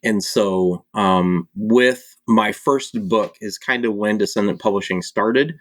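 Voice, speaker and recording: An author and publisher from Michigan, USA, talks casually as a podcast guest, relaxed but hesitant with frequent ums. His lowish voice moves slowly, with no echo.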